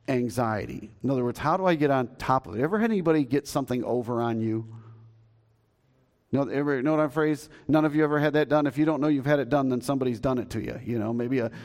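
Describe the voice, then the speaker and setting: A man in his fifties preaching a sermon as pastor in a church, telling stories in a folksy, joking way with many restarts. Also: mid-range voice. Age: 50s. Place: church sanctuary.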